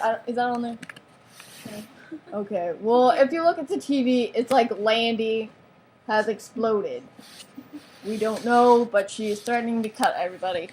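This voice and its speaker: Higher-pitched girl joking around showing off a toy, sarcastic and giggly, bit of hiss behind. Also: measured pace, pauses often, darkish tone. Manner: giggly, sarcastic, mock-serious. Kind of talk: playful show-and-tell narration.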